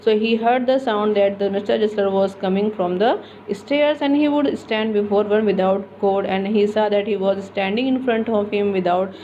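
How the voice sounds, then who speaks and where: A woman explaining a literature lesson, halting with many fillers and restarts. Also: medium pitch, dark tone. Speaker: teacher. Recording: dull lo-fi with faint noise.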